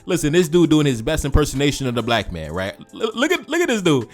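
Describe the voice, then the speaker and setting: A man's voice: a little high, wildly swooping pitch, fast talker, faint music behind. Emphatic man ranting in a reaction video. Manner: emphatic and repetitive, with slangy asides. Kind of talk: commentary reacting to social media posts.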